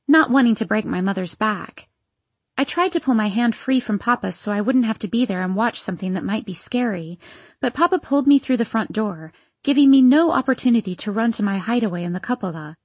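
A woman reading a first-person story aloud as an audiobook narrator, measured and expressive. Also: medium pitch, dry recording.

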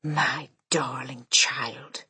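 A woman voicing a calm, dignified old grandmother who speaks softly and measuredly. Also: on the low side, slightly rough, dry recording, exaggerated voice. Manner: soft, gentle, measured.

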